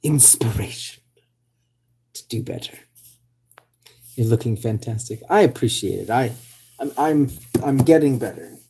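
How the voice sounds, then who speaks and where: Husky, dark-voiced man rambling on a livestream. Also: mid-range voice, animated, moderate pace, long pauses. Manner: rambling, hesitant, reads out viewer comments. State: voice recovering from hoarseness. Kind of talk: casual live stream chat.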